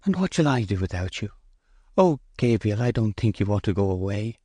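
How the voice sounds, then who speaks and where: A man's voice: on the low side, very animated, normal speed, mellow, slightly rough, dry recording. Man voicing a proud grieving young farm mistress. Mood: dismayed. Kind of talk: audiobook character voice.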